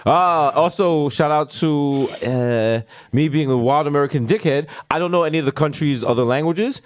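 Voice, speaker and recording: A man's voice: on the high side, moderate pace, few pauses. A man from the Bronx, co-hosting a comedy podcast in profane, mocking banter full of mock outrage. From the Bronx, New York. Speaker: podcast co-host.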